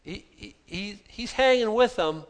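A man's voice: high voice, lively intonation, a little slow. Chatty, self-deprecating male preacher. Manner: conversational, self-deprecating, frequent restarts. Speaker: pastor. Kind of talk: sermon.

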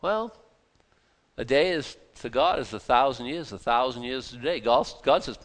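A man preaching a sermon, reading scripture aloud and explaining it in a lively, conversational, folksy way. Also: medium pitch, normal speed. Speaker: pastor.

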